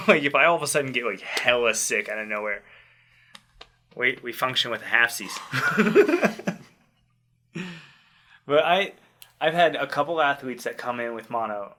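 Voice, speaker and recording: Man, bright tone, casual storyteller, laughs a lot, swears freely. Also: mid-range voice, expressive, moderate pace, long pauses. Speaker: tricking coach.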